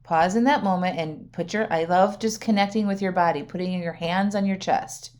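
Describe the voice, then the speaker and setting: Woman, podcast host, coach, casual solo talk, somewhat low pitch, chatty, frequent check-ins with listeners. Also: moderate pace, a little mellow. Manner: chatty, frequent "right?" and "okay?", laughs often.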